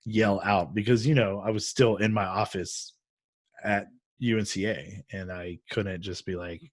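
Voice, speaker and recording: Laid-back young man with a low voice. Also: fairly even intonation, measured pace, no room sound, studio quality. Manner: laid-back, rambling, laughs easily. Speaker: podcast host, actor. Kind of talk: casual chat.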